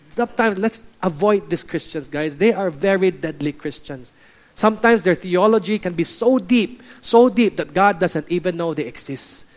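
Man preaching a lively sermon. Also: high-pitched, moderate pace. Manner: lively, mimics churchgoers' voices. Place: church hall.

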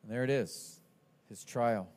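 A man preaching an expository sermon, animated and swinging from quiet asides to shouted quotes. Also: mid-range voice, measured pace. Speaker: pastor.

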